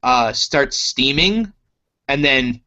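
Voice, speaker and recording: A male game master running a tabletop role-playing session, rambling and filling pauses as he thinks. He speaks slowly, with a bright and forceful tone. The recording is dull and lo-fi. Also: medium pitch, animated. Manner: rambling, many fillers.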